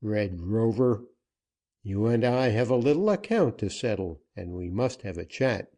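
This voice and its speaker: Slow and cold, the vengeful western gunman states his terms with deliberate command. The male narrator gives him a dark, mellow, lowish voice that is expressive yet only slightly lifted above his natural reading tone.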